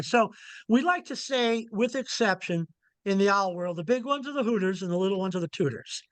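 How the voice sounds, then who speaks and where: Man with a high voice, middle-aged, clear smooth tone, dry close sound, folksy lecture style, repeats his points. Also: expressive, brisk, fairly bright tone, no echo. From Montana. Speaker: owl researcher giving a presentation. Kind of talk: informal illustrated lecture.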